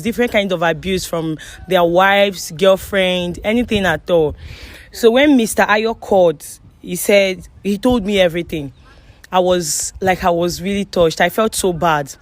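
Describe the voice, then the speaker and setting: A woman with a Nigerian accent hosting an online chat show, chatty and mixing Pidgin into her English. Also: mid-range voice. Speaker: host.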